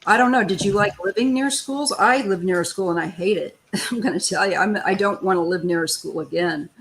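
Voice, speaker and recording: A woman runs a live tarot stream, talking casually, advising emphatically and complaining now and then. Her mid-range voice moves a little fast, and the recording quality is rough.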